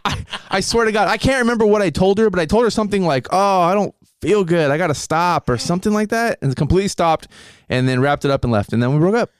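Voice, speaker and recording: A man's voice: high voice, animated, very fast, clean tone, dry recording, clean studio sound. A man casually telling embarrassing dating stories, laughing often and swearing freely. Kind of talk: casual chat, storytelling.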